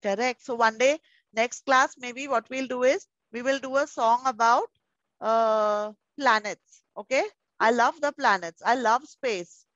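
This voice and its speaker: A woman preschool teacher, leading young children through an online class in an animated, playful, coaxing way. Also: on the high side, unhurried, dry recording, lo-fi sound.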